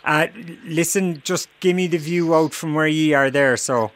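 Irish man, radio host, casual chat, teasing, slightly high voice. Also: normal speed, a bit bright. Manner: chatty, teasing, laughs often.

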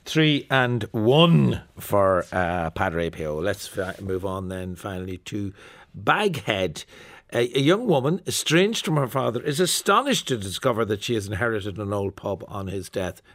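A man presenting a radio film review, relaxed and quick to laugh. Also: lowish voice. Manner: relaxed, laughing, brisk segues. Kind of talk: casual radio chat.

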